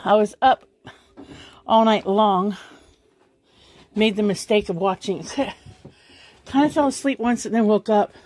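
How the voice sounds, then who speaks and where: A woman at an everyday middle pitch talks in a chatty, rambling way, filming herself on a handheld camera while she walks around outside. Faint background noise sits under her voice. She muses aloud more than she presents. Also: slow, long pauses, darkish tone. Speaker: vlogger. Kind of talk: casual walk-and-talk vlog. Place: outdoors in snow around her house.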